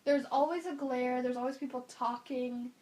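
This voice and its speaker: A young adult woman co-hosting a podcast in casual chat, animated and blunt in her opinions. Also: high-pitched, moderate pace. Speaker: podcast co-host.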